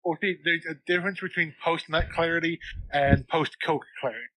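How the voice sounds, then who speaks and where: A man's voice: fairly even intonation, a little fast, sharp tone, no room sound, low-quality recording. A man co-hosting a podcast, chatting playfully about a movie and acting out lines. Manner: playful, acts out quotes in high voices. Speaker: podcast co-host. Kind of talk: casual movie recap chat.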